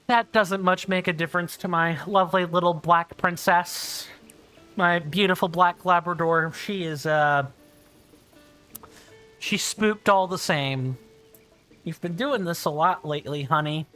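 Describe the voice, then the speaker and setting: A woman's voice: on the low side, bright, forceful tone. A woman streaming a video game from her home office, chatting in a rambling, self-deprecating way. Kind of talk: casual livestream chat.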